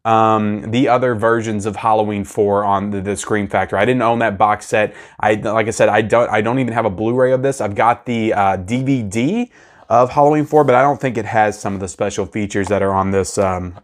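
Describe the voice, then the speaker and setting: A man, chatting casually to viewers as he unboxes and reviews movies. He is excitable and repeats himself often. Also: fairly low pitch, a little fast.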